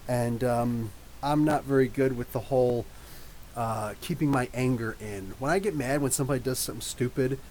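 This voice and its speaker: A man's voice: medium pitch, normal speed, a little mellow, slight background noise. A man in his thirties from New Jersey, hosting a casual live podcast Q&A, talking in a rambling, chatty way with many restarts. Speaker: podcast host.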